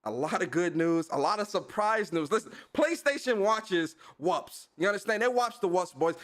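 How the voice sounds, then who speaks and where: A man co-hosting a casual gaming podcast, talking in an animated, hyped way and repeating phrases like "you understand?". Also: high-pitched, moderate pace, hardly any pauses. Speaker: podcast co-host. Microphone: home mic over Discord call.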